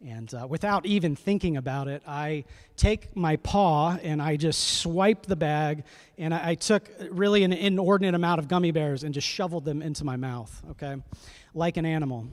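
A man's voice: a little high, moderate pace, few pauses. A man in his thirties, a pastor telling a family story in a conversational sermon, often checking in with his listeners.

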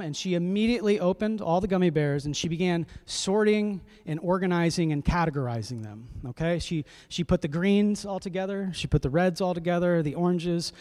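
A man's voice: sits high, darkish tone. Man telling a story in a sermon. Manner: conversational, checks in with listeners. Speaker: pastor.

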